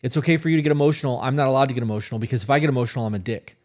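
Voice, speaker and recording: A man's voice: medium pitch, very fast, a little mellow. A man co-hosting a podcast in casual chat, blunt and emphatic with heavy swearing. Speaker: podcast co-host.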